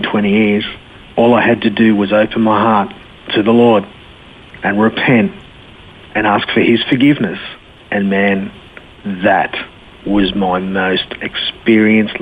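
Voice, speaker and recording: A man in his forties with an Australian accent, a blunt, laid-back guest telling his life story and laughing easily. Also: on the low side. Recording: tinny phone-line sound, faint hiss.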